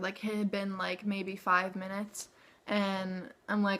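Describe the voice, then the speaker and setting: A woman's voice: mid-range voice, completely flat delivery, takes it slowly, a bit bright. A young woman telling a personal story to camera in a chatty way, with lots of "like" and "okay?" asides. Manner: chatty, frequent "like" and "okay?" tag questions. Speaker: vlogger.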